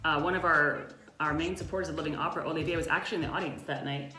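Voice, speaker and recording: A woman's voice: low-pitched, steady tone, racing, pushed and bright, roomy sound, soft background music. A Canadian woman co-hosting a casual live-stream chat, talking in a chatty way with many fillers. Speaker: co-host.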